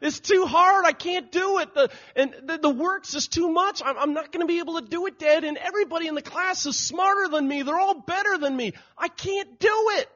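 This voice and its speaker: A man voicing a tearful, anxious teenage schoolgirl who pleads in a high, whiny voice. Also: a little fast, hardly any pauses, fairly bright tone. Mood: tearful pleading. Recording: dull lo-fi recording.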